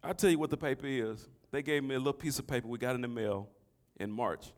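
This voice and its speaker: A middle-aged man, preaching a sermon that swings from soft storytelling to shouting. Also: medium pitch, fast. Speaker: pastor.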